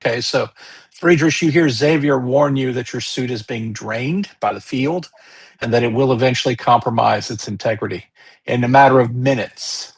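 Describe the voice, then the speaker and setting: Gravelly, husky male game master; slow, halting delivery. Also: mid-range voice. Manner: slow, hesitant, many ums and restarts. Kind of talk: narrating a tabletop game.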